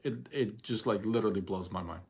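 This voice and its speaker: Rambling, animated man on a livestream. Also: on the low side, fairly quick, slightly rough. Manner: animated, rambling, repeats himself, acts out quotes. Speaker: live show host. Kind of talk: casual motivational livestream talk.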